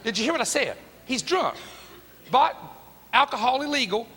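Middle-aged Tennessee preacher, high bright voice, emphatic storytelling sermon in a reverberant sanctuary. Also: male voice, very animated, normal speed, breathy edge. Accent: Tennessee Southern. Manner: folksy and emphatic, acts out dialogue. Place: church sanctuary. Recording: long hall reverb.

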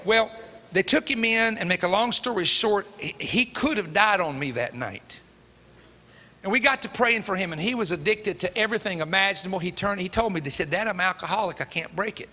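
Folksy Tennessee preacher, bright and ringing. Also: male voice, high voice, expressive, fairly quick. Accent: Tennessee Southern. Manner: folksy and emphatic, acts out dialogue. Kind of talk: storytelling sermon. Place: church sanctuary. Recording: long hall reverb.

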